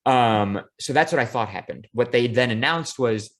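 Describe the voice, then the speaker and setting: A man co-hosting a casual podcast, telling a travel story at an easy, average pitch. He swears freely and speeds up through his profane, animated asides. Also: normal speed, hardly any pauses. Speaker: podcast co-host.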